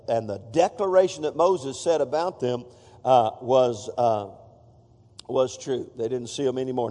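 A man's voice: fairly high pitch, a little mellow. A man preaching a sermon to his congregation in a church, playful and feisty, stopping often to joke with the room. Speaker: pastor. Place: church sanctuary. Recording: long reverb of a church hall.

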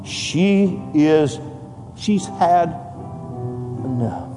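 A man's voice: fairly high pitch, animated, very slow. Dramatic preaching man, reverberant hall. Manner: dramatic, builds from hushed to shouting. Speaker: pastor. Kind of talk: sermon storytelling. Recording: long hall reverb, faint music behind.

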